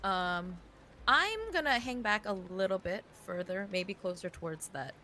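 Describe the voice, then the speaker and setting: A woman chatting as a player in a tabletop game, proposing plans in an animated way. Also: mid-range voice. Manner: suggesting plans, rapid and animated. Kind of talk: casual tabletop play.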